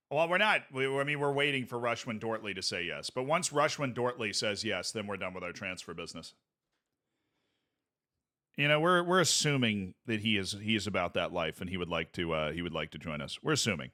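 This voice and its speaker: A man with a lowish, sharp-toned voice streams a game at normal speed, giving casual commentary. He's goofy and playful, tossing jokey asides to his chat.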